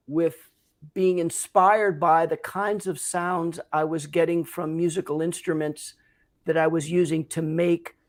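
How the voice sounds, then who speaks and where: An older man with a fairly high pitch appears as a guest in a casual interview, explaining his work as a sound designer in a measured, thoughtful way.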